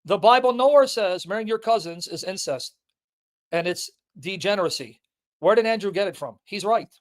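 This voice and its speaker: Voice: medium pitch, expressive, moderate pace. A speaker in a played clip, emphatically and repetitively addressing his viewers. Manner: emphatic, repetitive, insistent, addressing the audience directly.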